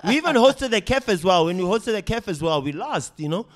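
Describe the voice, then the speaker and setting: A man's voice: high voice, very animated, a little fast. A young man with a South African accent, co-hosting a podcast, teasing and joking in slangy casual chat. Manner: teasing, slangy, calls people dog. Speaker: podcast co-host.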